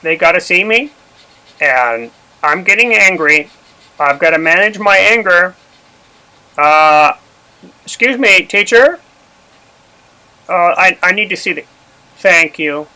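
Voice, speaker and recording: A man's voice: sits high, lively intonation, takes it slowly, long pauses, bright, forceful tone, heavily acted, rough recording. A man voicing a fussy male cartoon bird that stammers and grumbles politely. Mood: flustered. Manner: stammering, polite, grumbling under his breath. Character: fussy male cartoon bird being drawn, easily annoyed.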